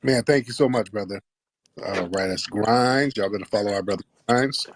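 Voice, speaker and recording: Husky, combative male show host. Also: fairly low pitch, moderate pace, no echo. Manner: combative, profane, emphatic. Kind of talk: call-in livestream talk.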